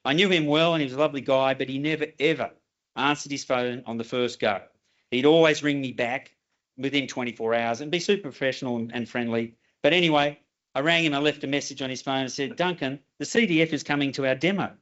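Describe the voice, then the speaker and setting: A man's voice: medium pitch, a bit bright. Man telling a ceremony story. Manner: storytelling, with halting restarts. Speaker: company head giving a ceremony speech. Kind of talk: formal speech with anecdotes. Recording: slightly dull lo-fi recording.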